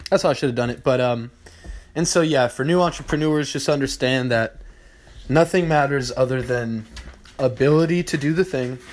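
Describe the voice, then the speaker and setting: A man hosting a solo podcast, talking bluntly and with profanity, repeating his points and often clearing his throat. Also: fairly high pitch, slight background noise. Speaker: podcast host.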